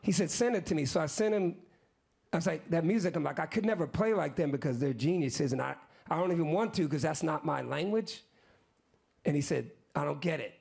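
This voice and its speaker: This musician guest, a man in his fifties, has a slightly high voice with vocal fry and a breathy edge, and he talks briskly. Telling a stage story to an audience in slangy, casual speech, he animatedly acts out what others said in the conversations.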